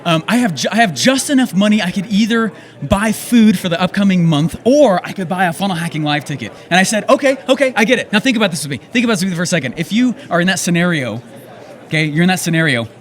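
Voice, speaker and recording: High-voiced energetic young man pumping up a crowd. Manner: energetic, excitable, fast-talking with frequent "okay?" tags. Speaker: event speaker. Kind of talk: motivational talk to an audience. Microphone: handheld microphone.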